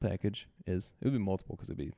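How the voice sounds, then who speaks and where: Low-voiced man telling a story with laughs. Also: rapid-fire, dark tone, dry recording, clean studio sound. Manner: laughs often, rambling storytelling with restarts. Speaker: podcast co-host. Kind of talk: casual chat.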